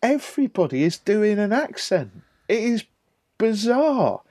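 Incredulous podcast host. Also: male voice, high-pitched, big pitch swings, unhurried, dark tone, no room sound, clean studio sound. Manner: jokey, incredulous, emphatic. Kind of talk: casual film discussion.

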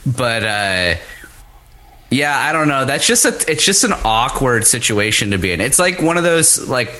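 A man in casual chat, relaxed and a bit hesitant, with some swearing. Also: medium pitch, normal speed.

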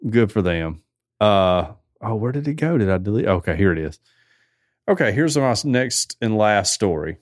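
A man's voice: lowish voice, lively intonation, moderate pace, no room sound, clean studio sound. A man hosting a casual podcast, reading odd news stories aloud and riffing on them with chuckles. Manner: laid-back, chuckling, reads headlines then riffs. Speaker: podcast host.

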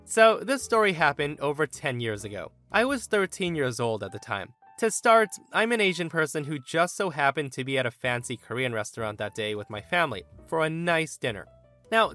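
Lively, bright-voiced male story narrator. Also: mid-range voice. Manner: animated storytelling with voiced quotes. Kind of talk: reading a reddit story aloud.

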